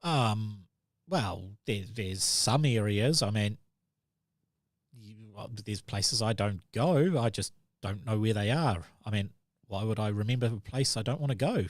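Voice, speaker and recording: A man voicing a forgetful, dazed old male gnome hermit in a tabletop game, stammering and rambling in a raised, lively voice. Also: fairly low pitch, unhurried, no room sound, clean studio sound. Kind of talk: tabletop role-play character voice.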